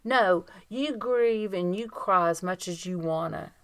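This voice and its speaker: A woman's voice: on the low side, fairly bright tone, no echo. A woman co-hosting a podcast, talking in an earnest and emphatic way. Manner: earnest, emphatic, slow and deliberate. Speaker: podcast co-host. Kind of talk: casual chat.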